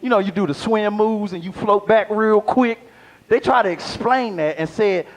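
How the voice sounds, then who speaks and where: A man's voice: sits high, expressive, normal speed. An older man doing live stand-up comedy as a guest, rambling and playful, laughing at his own jokes. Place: live comedy venue with audience.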